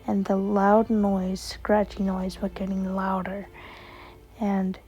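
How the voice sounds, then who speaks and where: A woman telling a bedtime story in a soft, unhurried way. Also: mid-range voice, monotone, muffled recording, faint music behind.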